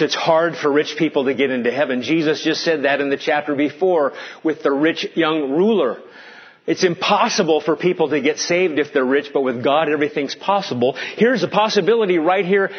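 A man with a slightly husky, fairly high voice preaches with earnest conviction, stretching important words out slowly. The recording sounds dull and a little lo-fi. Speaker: pastor. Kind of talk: sermon.

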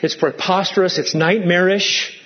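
A man preaches with fervent emphasis, driving his points home with runs of rhetorical questions and strings of intensifiers. His voice sits fairly high for a man. The recording is dull and lo-fi. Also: fairly even intonation, moderate pace. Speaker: pastor. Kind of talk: sermon.

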